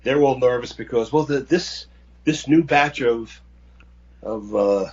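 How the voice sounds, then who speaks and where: A man co-hosting a podcast, recapping a movie in casual chat with halting, rambling storytelling. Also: medium pitch, highs cut off. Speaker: podcast co-host.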